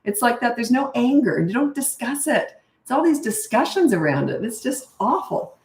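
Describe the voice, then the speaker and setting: A middle-aged woman parenting coach answering questions in a blunt, brisk, no-nonsense way. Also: fairly high pitch, sing-song, a little mellow. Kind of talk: casual Q&A advice. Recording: echoey room.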